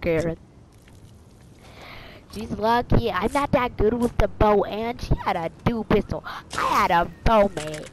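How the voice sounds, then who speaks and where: A woman's voice: medium pitch, expressive, normal speed, few pauses, a little hiss or hum, low-quality recording. A woman giving casual, joking gameplay commentary, playful and slangy, now and then putting on a mock accent. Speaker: gaming channel host.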